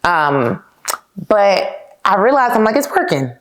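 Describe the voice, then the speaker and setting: A woman's voice: medium pitch, very animated, takes it slowly. A young woman, hosting a podcast and telling her own story in a candid, chatty way, calling her listeners "y'all.". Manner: laughs now and then, frequent fillers like "like". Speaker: podcast host. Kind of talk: casual personal storytelling.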